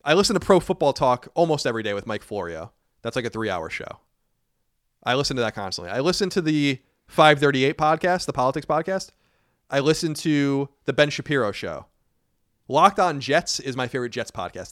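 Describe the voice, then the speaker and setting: A man hosting a casual podcast, blunt and quick, swearing now and then into a close mic. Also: mid-range voice, animated, fairly bright tone, no room sound. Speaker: podcast host.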